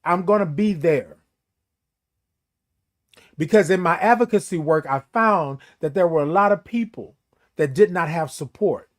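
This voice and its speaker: A man's voice: fairly high pitch, expressive, measured pace, long pauses. A man hosting a casual morning livestream, speaking in an emphatic, preachy way and greeting viewers by name. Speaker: host.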